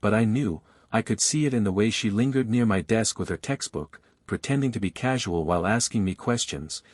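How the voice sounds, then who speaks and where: A man narrating a first-person romance story in a flowing, steady manner, carrying long run-on sentences. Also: lowish voice, fairly quick, no echo.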